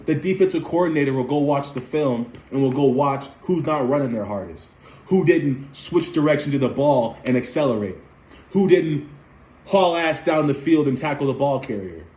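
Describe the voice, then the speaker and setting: A man's voice: medium pitch, lively intonation, normal speed, darkish tone. Heated man ranting in a roomy space. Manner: heated, repetitive, emphatic. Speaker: sports commentator. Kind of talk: fan sports rant. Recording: roomy echo.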